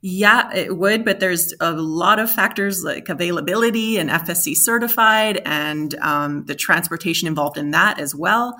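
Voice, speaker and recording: A woman's voice: lowish voice, normal speed, hardly any pauses, pushed and bright. A woman, a guest expert, explaining building emissions in a conversational interview with many fillers and restarts.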